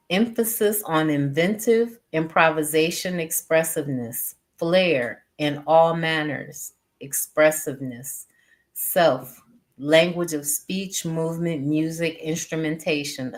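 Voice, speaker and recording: A woman with a low voice reads a text aloud slowly, pausing between phrases and adding her own comments as she goes. Her delivery is unhurried and deliberate. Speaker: reader and teacher.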